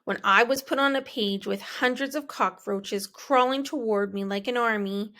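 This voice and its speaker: A woman reading a children's picture book aloud in a slow, expressive, dramatic way. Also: a little high. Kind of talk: storybook read-aloud.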